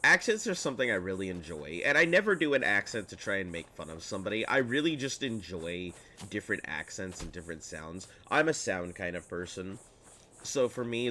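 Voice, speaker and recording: A sick, slightly congested man rambles through casual gameplay commentary, tossing off jokey asides. His voice is very low yet bright and forceful. A faint hiss sits under the recording. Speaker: gaming streamer.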